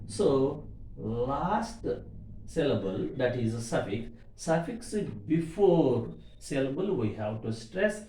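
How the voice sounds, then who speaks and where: A man's voice: mid-range voice, sing-song, takes it slowly, warm tone, a little hiss or hum. A man teaching word stress, spelling out words letter by letter and calling his listeners "my dear students". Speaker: English teacher. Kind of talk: classroom lecture on word stress. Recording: echoey room.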